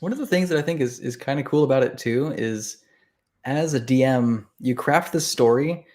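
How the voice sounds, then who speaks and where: A man, an author guest in a casual interview, telling stories in an animated way and acting out the reactions he quotes. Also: medium pitch, moderate pace.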